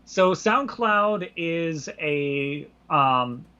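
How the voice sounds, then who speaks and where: A man's voice: a little high, lively intonation, drawn-out words, sharp tone, clear, resonant tone, dull audio. A man, a guest singer-songwriter, chatting casually over a video call, hesitant with many ums. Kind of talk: casual interview chat.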